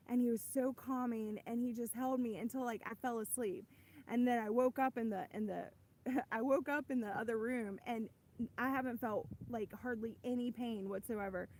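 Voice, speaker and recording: A woman's voice: fairly high pitch, a little mellow, a little hiss or hum, rough recording. A woman telling her personal faith testimony in a casual, earnest way, rambling with many restarts. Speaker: ministry host giving a testimony.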